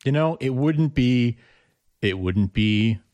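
A man co-hosting a podcast in casual chat, agreeable and enthusiastic, with quick asides. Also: mid-range voice, lively intonation, a little mellow, no room sound. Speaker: podcast co-host.

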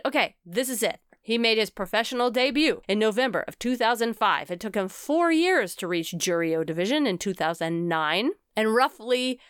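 A woman co-hosting a podcast in casual chat, animated and chatty, often ending her sentences with "okay?". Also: medium pitch, clean tone, no room sound, studio quality. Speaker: podcast co-host.

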